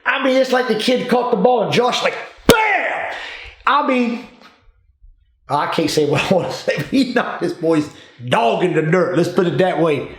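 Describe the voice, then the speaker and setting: A man's voice: sits high, animated, a little fast. An older man, a retired police officer telling folksy stories in casual talk. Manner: folksy, drawling, addresses listeners as folks. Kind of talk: casual storytelling. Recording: echoey room.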